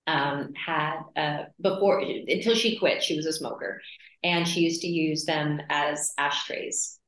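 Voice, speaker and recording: Lively woman guest, roomy echo. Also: lowish voice. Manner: animated, laughing storyteller. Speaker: actress guest. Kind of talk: casual interview chat.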